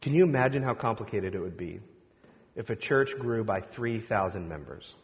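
Speaking at a normal speed with a fairly low, expressive voice, a male pastor gives a relaxed, humorous sermon in the sanctuary and performs the crowd's voices himself. Long hall reverb hangs over the dull-sounding recording.

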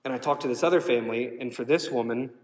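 A male pastor tells a story from the pulpit in a lively, emotional way. His voice sits at an ordinary pitch, caught from a distance, and rings through a large hall with a long reverb. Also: fast talker. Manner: storytelling, animated and emotional, shouting out quoted cheers. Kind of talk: sermon. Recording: roomy hall, voice from some distance.

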